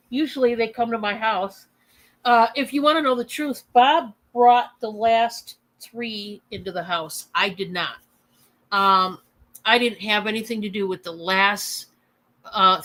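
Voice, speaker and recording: A woman's voice: on the high side, a bit bright, rough recording. A woman hosting her own livestream at home, telling a personal story in a rambling, heartfelt way with lots of fillers and restarts. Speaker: channel host.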